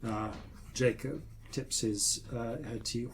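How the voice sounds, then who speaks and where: A man narrating as game master, halting and full of filler sounds as he describes the scene. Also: mid-range voice, steady tone, background noise. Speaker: dungeon master.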